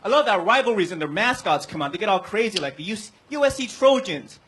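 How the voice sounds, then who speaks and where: Very high-voiced male stand-up comic. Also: sing-song, quick pace, fairly bright tone, husky. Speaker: stand-up comedian. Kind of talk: stand-up set. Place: live comedy venue.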